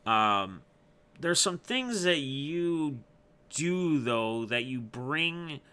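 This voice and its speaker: A man hosting a casual interview, rambling and encouraging his guest with drawn-out phrasing. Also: a little high, big pitch swings, bright, forceful tone, smooth. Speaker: interview host.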